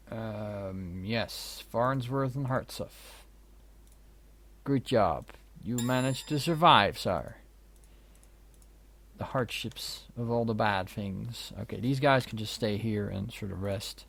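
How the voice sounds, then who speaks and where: A man's voice: on the low side, takes it slowly, creaky, a bit bright. Wry man muttering through a strategy game. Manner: wry, muttering, swears now and then. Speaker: let's play host. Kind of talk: casual gameplay commentary. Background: keyboard and mouse clicks.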